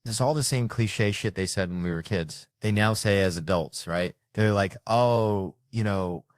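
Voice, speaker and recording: A man performing an animated, profane stand-up comedy routine on a handheld stage microphone. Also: lowish voice, normal speed, no room sound.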